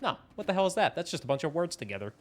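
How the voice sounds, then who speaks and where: A young man chats casually on a live game stream, wandering from topic to topic with a self-mocking edge and casual swearing. His voice sits a little higher than most men's. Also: big pitch swings, rapid-fire. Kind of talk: casual live-stream chat while gaming.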